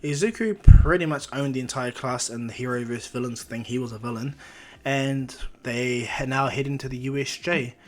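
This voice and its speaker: A man's voice: medium pitch, normal speed. A man casually narrating a fan story, rambling along with restarts and fillers.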